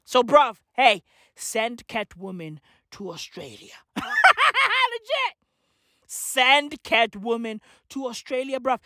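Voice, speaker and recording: A woman's voice: a little high, slow pace, fairly bright tone, dry recording, clean studio sound. A woman delivering a loose, profane comic rant full of slang and asides. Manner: loose, swearing, slang-heavy, rhetorical asides.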